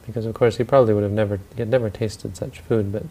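A man's voice: fairly low pitch, steady tone, fast, mellow. A man telling a story aloud in a loose, unscripted way, with restarts and asides. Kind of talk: spoken storytelling talk.

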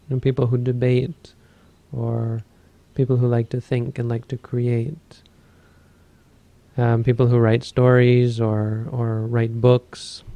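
A man who teaches Buddhism, giving a dharma talk and telling a story in a calm, measured way. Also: medium pitch, vocal fry, no room sound, highs cut off.

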